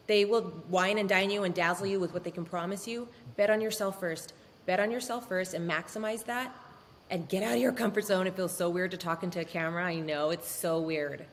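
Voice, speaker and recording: A woman speaking as a guest in a casual interview, animated and candid, swearing freely. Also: fairly low pitch, long reverb tail, slight background noise. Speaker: law firm owner, podcast guest.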